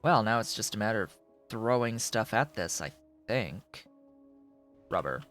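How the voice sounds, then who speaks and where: A man's voice: on the low side, lively intonation, a little slow, a bit bright, soft background music. A man streaming a game, muttering offhand, dry remarks to himself as he builds. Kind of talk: casual gameplay commentary.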